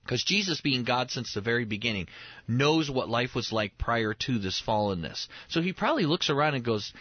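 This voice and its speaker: A pastor in his thirties who hosts a talk show speaks in a medium-pitched, animated voice at normal speed. He tells family stories in casual chat, chuckling often and restarting mid-phrase. The audio is dull, with no room sound.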